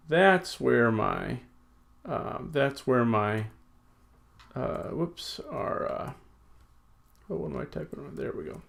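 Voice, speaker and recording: A man's voice: medium pitch, vocal fry. A man teaching a recorded language lesson at his computer, explaining step by step in a patient, methodical way with frequent fillers. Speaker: Greek teacher.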